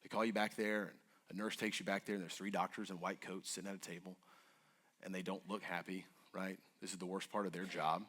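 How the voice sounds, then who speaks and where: Fast-talking man telling an intense personal story. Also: low voice, flat delivery. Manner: earnest and intense, swinging between hushed and urgent. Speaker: guest speaker. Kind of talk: emotional personal storytelling to an audience.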